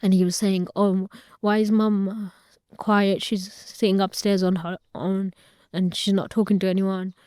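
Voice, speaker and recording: A woman's voice: mid-range voice, flat delivery, a little slow, dark tone, clean tone, dry recording, clean studio sound. A young woman, a guest in an interview, earnestly recounting a personal story and retelling family conversations at length.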